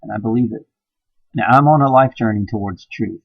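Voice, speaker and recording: A man giving an impassioned, preachy monologue, swinging between hushed and loud emphasis. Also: fairly low pitch, a little fast, gravelly, no room sound, muffled recording. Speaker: video blogger.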